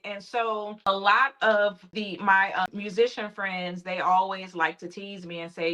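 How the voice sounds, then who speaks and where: A woman's voice: mid-range voice, level tone, unhurried, few pauses, bright, forceful tone, poor audio. A woman choir director talking in an interview, emphatic and confident, with bursts of emphasis. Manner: emphatic, confident, faith-centered. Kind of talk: casual interview talk.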